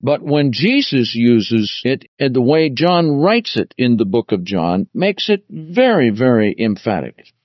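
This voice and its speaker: A man teaching through the Bible verse by verse, deliberate, stressing key words as he explains them. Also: mid-range voice, sing-song, no room sound, lo-fi sound.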